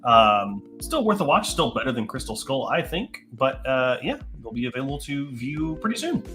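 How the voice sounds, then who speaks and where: A man's voice: medium pitch, sing-song, pushed and bright, faint music behind. A man co-hosting a livestream, chatting casually about upcoming movies and reading out news items. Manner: upbeat, quick, reads headlines. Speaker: co-host.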